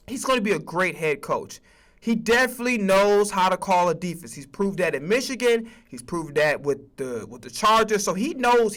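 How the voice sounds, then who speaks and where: High, bright-voiced man ranting about football. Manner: emphatic, profane, animated, with frequent stammered restarts. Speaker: streamer and sports commentator. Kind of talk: casual sports rant.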